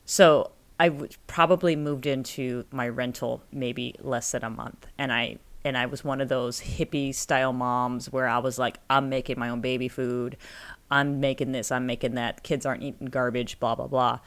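A middle-aged woman from California telling a story in casual podcast chat, animated and acting out the people she quotes. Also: very deep voice, normal speed. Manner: animated storyteller who acts out quoted voices. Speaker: podcast co-host.

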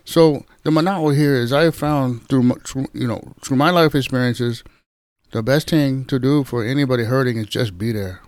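Gentle man giving devotional talk. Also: medium pitch, normal speed, no room sound, studio quality. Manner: gentle, repetitive, addresses listeners as guys. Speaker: Bible teacher.

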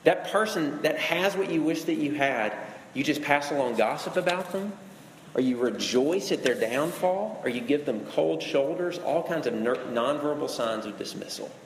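A man's voice: a little high, lively intonation, normal speed, slight background noise. A man preaching a sermon, speaking earnestly and addressing his listeners directly with shifting emphasis. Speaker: pastor. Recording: echoey hall with long reverb.

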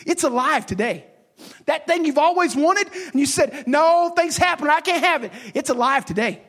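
A man preaching a sermon as pastor, emphatic and repetitive, swinging between loud declarations and hushed, whispered lines. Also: extremely high pitch, slightly rough.

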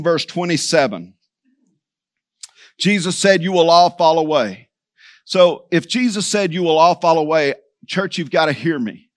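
A male pastor giving a sermon in a conversational, animated way, often turning to the congregation as church and quoting scripture. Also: high-pitched, no room sound, studio quality. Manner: animated, quotes scripture in changing voices.

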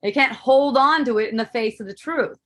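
A woman's voice: fairly high pitch, normal speed. A middle-aged woman telling a personal story in a casual spoken monologue, laughing often and asking "right?" to keep the listener with her.

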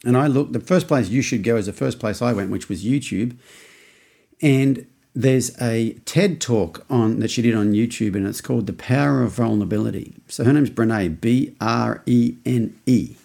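A man in his fifties with an Australian accent and a gravelly, creaky edge to his voice talks through a podcast monologue. He rambles along, restarting his sentences and acting out the quotes in his own story. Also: mid-range voice, moderate pace, dark tone. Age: 50s. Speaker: podcast host.

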